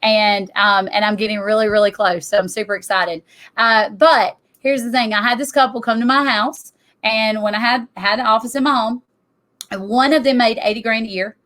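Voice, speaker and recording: Middle-aged woman, a touch higher voice, emphatic and conversational; presenting to an audience. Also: steady tone, moderate pace, fairly bright tone. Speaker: tax business owner.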